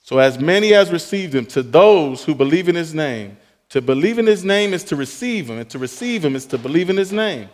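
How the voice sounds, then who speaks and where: A male pastor preaching a sermon emphatically, rising on key phrases and dropping to soft, quiet asides. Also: a little high, animated, brisk, in a large hall.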